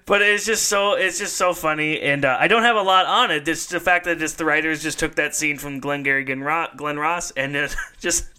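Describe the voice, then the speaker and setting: A man's voice: fairly high pitch, a little fast, hardly any pauses, pushed and bright, smooth. A man hosting a podcast in casual chat, laughing often as he retells a comedy sketch. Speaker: podcast host.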